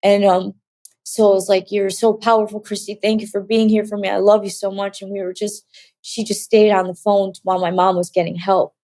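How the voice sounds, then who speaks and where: A woman's voice: medium pitch, little pitch movement, brisk, warm tone, dry recording. Woman telling a vivid faith testimony, dry sound. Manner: vivid storytelling that acts out quoted voices; emotional, close to tears at times. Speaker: former model giving a faith testimony. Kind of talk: personal testimony storytelling.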